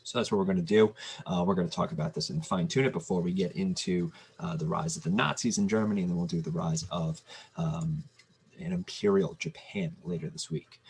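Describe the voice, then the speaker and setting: Gravelly low-voiced male teacher. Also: a little hiss or hum. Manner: casual, halting with fillers and restarts. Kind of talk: remote history lesson.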